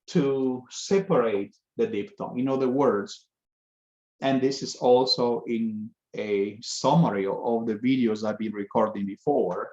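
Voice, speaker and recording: Guy teaching a lesson real slow and careful, echoey room. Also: mid-range voice, darkish tone. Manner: slow, careful explanation with pauses. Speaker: Spanish teacher. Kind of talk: lecture. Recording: echoey room, dull lo-fi sound.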